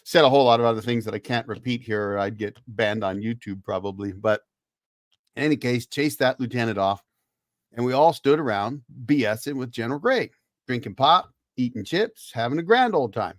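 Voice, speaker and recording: A man's voice: medium pitch, lively intonation, a little fast, no echo, clean studio sound. Folksy ex-Marine man telling war stories. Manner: folksy, salty veteran's yarn with cussing and laughs. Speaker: host. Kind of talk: casual storytelling on a livestream.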